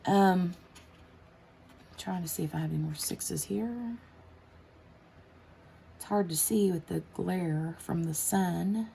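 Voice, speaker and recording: Low-pitched woman in her thirties, casual craft vlog host, meandering delivery. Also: slow, creaky, long pauses, dark tone, slight background noise. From United States. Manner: rambling, many fillers and restarts. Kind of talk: casual chat while crafting.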